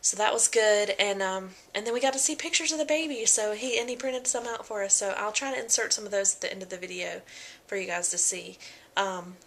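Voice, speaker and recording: A chatty young woman telling her story to a camera in a relaxed vlog. Her pitch sits mid-range for a woman, and a faint hiss of background noise runs under the voice. She rambles with plenty of fillers and quoted lines. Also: fairly quick, hardly any pauses. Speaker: vlogger. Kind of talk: casual pregnancy vlog.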